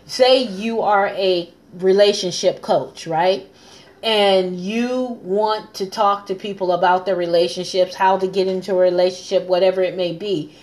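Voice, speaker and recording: A woman's voice: mid-range voice, steady tone, a little slow, a little mellow. A woman hosting a live stream as a coach and pastor, talking earnestly and repeating phrases for emphasis. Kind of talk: casual live-stream talk.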